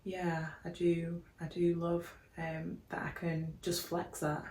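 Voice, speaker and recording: Quiet low-voiced woman on a podcast, thinks out loud, roomy echo. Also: monotone, takes it slowly. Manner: soft-spoken, reflective, lots of "like" fillers. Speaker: podcast co-host. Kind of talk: casual chat.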